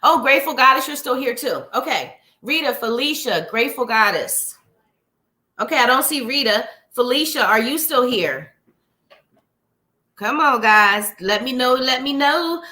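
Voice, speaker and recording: A chatty psychic hosts a live tarot stream, greeting viewers by name and reading cards in a bubbly way while sounding slightly winded. Her high, expressive voice is bright and forceful at a measured pace.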